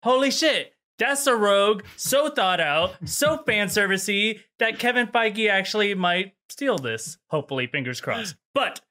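A high, bright-voiced man hosts a comedy panel over a video call. He jokes and banters quickly with his guests. The mood stays casual and quick. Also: big pitch swings. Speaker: host.

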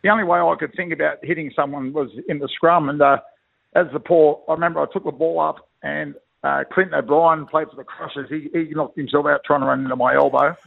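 A man's voice: fairly high pitch, fairly even intonation, fairly quick, creaky. A middle-aged Australian man, a retired rugby league player, telling rambling blokey stories as a guest. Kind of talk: phone interview, storytelling. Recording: tinny phone line.

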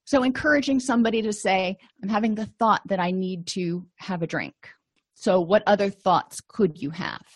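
A woman's voice: mid-range voice, moderate pace, no echo. Middle-aged female counselor, conversational teaching tone, dry close sound. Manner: explanatory, conversational, uses examples. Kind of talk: recorded lecture.

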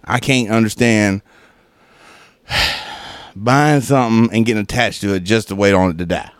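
A man's voice: fairly low pitch, normal speed, smooth, dry recording. A man co-hosting a comedy podcast, telling a story in casual chat, swearing and laughing often as he goes. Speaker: podcast co-host.

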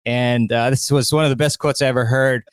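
A man's voice: medium pitch, steady tone, brisk, clear, resonant tone, no echo, studio quality. A man hosting a podcast, talking in a rambling, enthusiastic way with lots of fillers and restarts. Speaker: podcast host. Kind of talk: casual conversational intro and interview.

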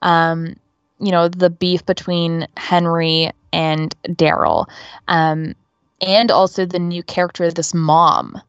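A woman with a lowish voice co-hosts a podcast in a chatty, filler-heavy recap. Her recording sounds dull and lo-fi. There is no room echo at all. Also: expressive, slow, smooth. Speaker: podcast co-host. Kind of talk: casual episode recap.

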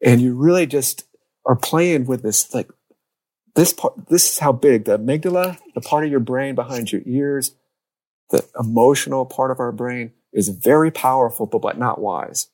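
A man who works as a youth and family coach, talking on a podcast as a lively storyteller who acts out quoted lines. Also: mid-range voice, normal speed. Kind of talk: podcast conversation.

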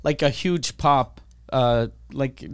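A man hosting a podcast, telling a story in a casual, animated and profane way, acting out the voices of the people he quotes. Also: mid-range voice, slow, smooth. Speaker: podcast host.

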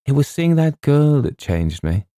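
A man voicing a gruff middle-aged Scottish literary agent with a quavering voice, blunt and then tearfully wistful. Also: on the high side, very animated, a little slow, dark tone, no echo, clean studio sound, voice pushed up. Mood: brisk, scoffing.

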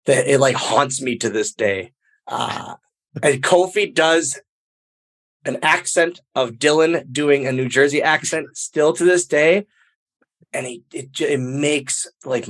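Animated man telling wrestling backstage stories. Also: medium pitch, a little slow. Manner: animated, acts out quoted dialogue, many fillers like "like". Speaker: guest, professional wrestler. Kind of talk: casual interview storytelling.

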